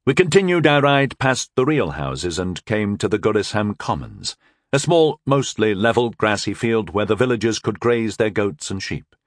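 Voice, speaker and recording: Male narrator, wry first-person storyteller, expressive pitch, dry booth sound. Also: moderate pace, no echo. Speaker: audiobook narrator.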